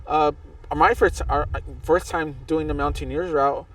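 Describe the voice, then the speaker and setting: A man from Southern California, a guest on a podcast, tells a long hiking story in a rambling, casual interview, restarting often and using lots of fillers. His voice is a little high and steady at normal speed, and he sounds far from the mic.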